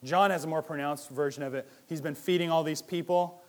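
A man preaching a sermon in a lively, conversational way, firing rhetorical questions and swinging between loud and hushed. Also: on the high side, a little fast. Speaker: pastor.

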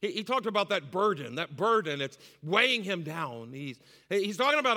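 A man preaching a sermon with passion, rising to loud cries and dropping to hushed lows, with many "uh" fillers. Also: very animated, unhurried. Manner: frequent "uh" fillers and repeated words. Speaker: pastor. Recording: long hall reverb.

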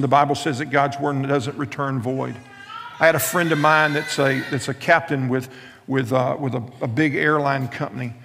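A male pastor preaching in a big hall with a long, ringing echo. His voice is gravelly with a rough edge, and it sits at an ordinary middle pitch. He tells light, funny stories and repeats his main points for emphasis. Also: a bit bright, slight background noise. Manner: storytelling with humor, repeats key lines. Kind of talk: sermon.

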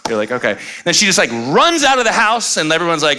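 A man preaching a sermon, animated and storytelling, acting out the people in the story. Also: fairly high pitch, fast talker, slight background noise. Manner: animated, acts out quoted voices. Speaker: pastor.

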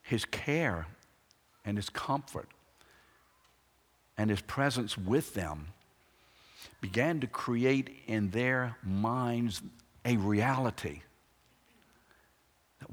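A man's voice: mid-range voice, lively intonation, extremely slow, long pauses. A man preaching a sermon with emphatic phrasing and rhetorical questions to the congregation. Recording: echoey hall reverb.

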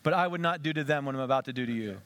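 A male pastor giving an animated sermon, acting out conversations with a volunteer on stage. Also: mid-range voice, very fast, slight background noise.

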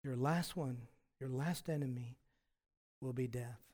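A man's voice: medium pitch, measured pace, a little mellow. A male pastor preaching a sermon in a reflective, conversational way, often restarting his phrases.

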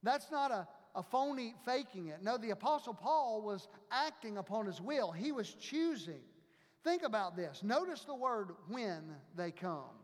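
A pastor preaching a sermon, emphatic and repetitive, reading scripture and leading a prayer. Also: male voice, sits high, sing-song, a little slow. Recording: long hall reverb.

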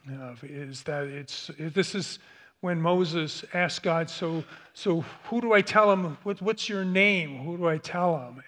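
Slow, halting male pastor preaching. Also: fairly high pitch, fairly bright tone. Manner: slow, halting, with many restarts. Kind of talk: sermon.

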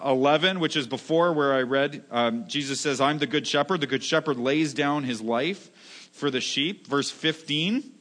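A man's voice: fairly high pitch, fairly bright tone. A man preaching a sermon as a pastor, earnest and repetitive, often restarting phrases and asking "right?".

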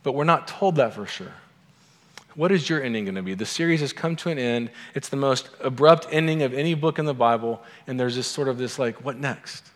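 A man's voice: mid-range voice, brisk, long reverb tail. A male pastor giving a sermon in a conversational way, with wry asides to the congregation.

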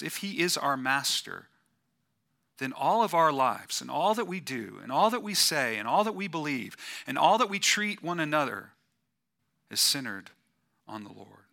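A pastor delivers his sermon at an unhurried, measured pace. His voice is strikingly bright and sharp-edged, set at an ordinary middle pitch. He rises for emphasis, then falls hushed. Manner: deliberate preaching with swells of emphasis and quiet drops.

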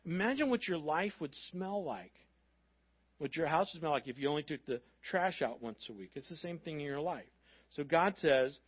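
A fairly high-pitched man preaches to his church in a chatty, conversational way, tossing in asides and repeating himself for emphasis. The recording sounds dull and lo-fi. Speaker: pastor. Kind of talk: sermon. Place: church sanctuary.

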